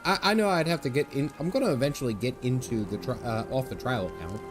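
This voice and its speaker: A man's voice: medium pitch, fast talker. Rambling male gaming streamer. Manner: rambling and excitable, many fillers and restarts. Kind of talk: casual livestream commentary. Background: game music.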